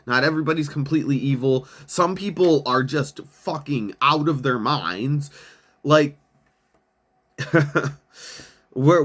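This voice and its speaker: A man's voice: medium pitch, fairly bright tone. Profane, exasperated man ranting. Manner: profane, exasperated, laughs often; mocks others in put-on voices. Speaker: podcast host. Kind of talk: casual ranting commentary.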